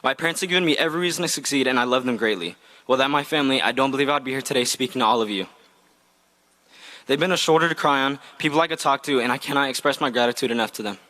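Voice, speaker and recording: A man's voice: medium pitch, racing, pushed and bright. A young man, a graduating student, giving an earnest, heartfelt graduation speech read from a script. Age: young adult. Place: outdoor graduation ceremony.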